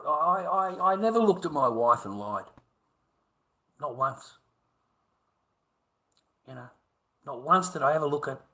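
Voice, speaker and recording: A man's voice: mid-range voice, sharp tone, rough recording. A middle-aged man with an Australian accent, rambling through a profane livestream monologue and calling his viewers mate.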